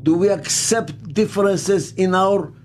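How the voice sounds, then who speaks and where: An older man delivers a motivational talk at a slow, deliberate pace, leaning on his key words and repeating them. His voice sits a little higher than most men's, and soft music plays faintly underneath. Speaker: motivational speaker and author.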